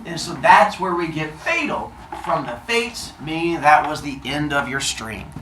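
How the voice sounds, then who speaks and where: A man's voice: fairly high pitch, animated, measured pace, sharp tone, reverberant, recorded from a distance, slight background noise. A male teacher telling myths to his class, playful and acting out scenes with sound effects. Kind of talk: classroom storytelling.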